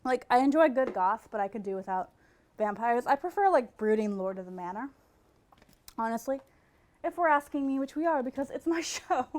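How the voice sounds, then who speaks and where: A woman hosting a podcast in casual comedic chat, animated, laughing and breaking into incredulous outbursts. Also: fairly high pitch, normal speed. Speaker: podcast host.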